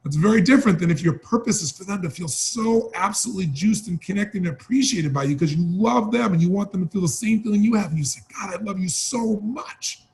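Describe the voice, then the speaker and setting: Fast, high-voiced man giving a pep talk. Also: lively intonation, vocal fry, a little mellow. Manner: emphatic, urgent, repeats key phrases. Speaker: motivational speaker. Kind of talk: motivational training talk.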